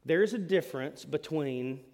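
A man, preaching a sermon as pastor, telling stories with big swings between loud and hushed delivery. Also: a little high, normal speed. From Alabama. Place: church hall. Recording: long hall reverb.

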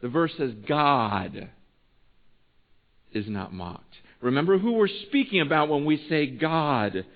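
A man preaching a sermon in a conversational way, with restarts, swinging between hushed asides and emphatic lines. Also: fairly high pitch, very animated, takes it slowly. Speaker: pastor. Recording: tinny phone-like sound.

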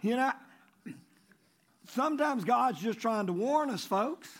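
A man preaching a sermon in a conversational way, repeating key phrases and dropping low before rising for emphasis. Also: expressive, takes it slowly. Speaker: pastor.

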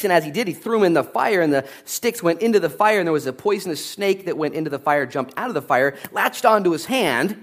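A man preaching a sermon, telling stories with jokes and acting out the voices of the people in them. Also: on the high side. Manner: animated storytelling, acting out voices and joking. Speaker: pastor.

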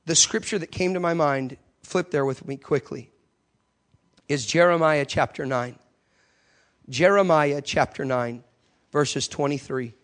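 A man with a notably high speaking voice delivers a sermon built around a personal story. He leans on emphatic repetition as he preaches. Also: fairly bright tone.

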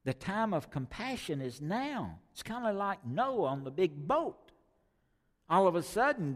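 Emphatic preacher in a reverberant church. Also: male voice, high voice, big pitch swings, a little slow. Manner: emphatic, repeats key words, swings from loud to hushed. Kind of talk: sermon.

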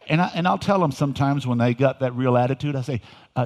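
An older man, a pastor, preaching a sermon with folksy storytelling that swings into loud emphasis. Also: medium pitch, fast. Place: church sanctuary. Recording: reverberant hall.

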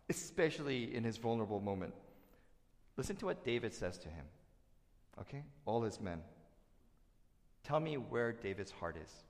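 Animated male preacher in reverberant hall. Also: medium pitch, normal speed, pauses often. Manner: animated preaching, swings from hushed to loud. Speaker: pastor. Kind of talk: sermon.

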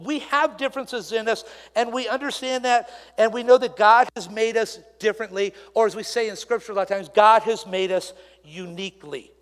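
A man with an unusually high voice delivers a sermon in a church sanctuary. He talks in a conversational, animated way, stopping for asides to the congregation. His voice carries a long reverb through the hall. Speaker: pastor.

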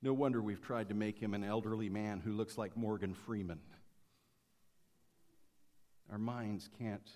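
A man's voice: lowish voice, steady tone, moderate pace. Man preaching with a long church echo. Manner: dynamic, swinging from quiet to emphatic. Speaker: pastor. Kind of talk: sermon.

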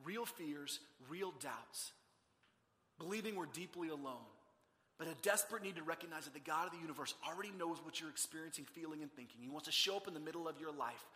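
A man delivers a sermon from the pulpit in a very bright, sharp voice. His delivery swings from forceful emphasis to hushed, intimate passages. The sound trails off in the long reverb of a large church hall. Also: on the high side, a little fast. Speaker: pastor. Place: church sanctuary.

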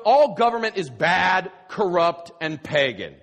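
Animated preacher in a big hall. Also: male voice, a little high, moderate pace, husky. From United States. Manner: emphatic, sarcastic rhetorical questions. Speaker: pastor. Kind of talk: sermon. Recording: long reverb of a large hall.

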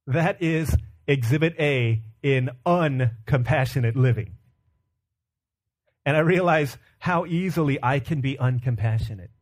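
Measured in pace and mid-range in pitch, the thirty-something pastor keeps his sermon conversational. Stories of his young children and rhetorical questions aimed at the congregation fill his talk.

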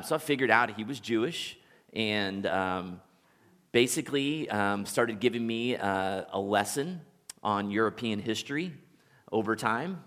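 A man preaching a sermon as a pastor, relaxed and conversational, telling stories and chuckling now and then. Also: fairly low pitch, long reverb tail. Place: church sanctuary.

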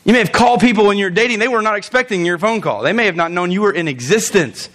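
A young man preaching a sermon, animated, joking in asides and talking straight to his listeners. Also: sits high, fast talker. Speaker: pastor.

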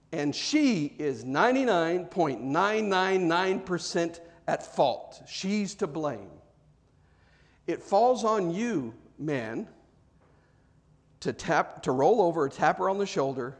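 Animated high-voiced male preacher. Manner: animated, acts out quoted voices, jokes with congregation; drops to soft, earnest tones for serious points. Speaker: pastor. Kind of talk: sermon.

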